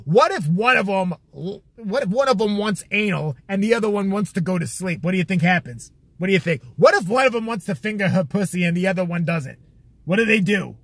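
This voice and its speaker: A man voicing a crude, foul-mouthed older uncle who rants loudly and profanely. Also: high-pitched, animated, a little fast, dry recording, pitched above the performer's own voice, full character voice. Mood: loud, leering. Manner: loud, profane, ranting.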